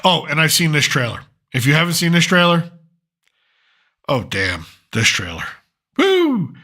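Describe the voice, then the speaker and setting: A man's voice: a little high, big pitch swings, moderate pace, bright, forceful tone. A middle-aged man hosting a pop culture commentary show, ranting sarcastically and swearing freely. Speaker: host.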